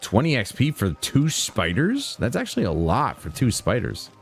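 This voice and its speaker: A man streaming a video game, joking and breaking into loud exclamations. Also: medium pitch, wildly swooping pitch, normal speed, gravelly, faint music behind. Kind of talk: casual let's-play commentary.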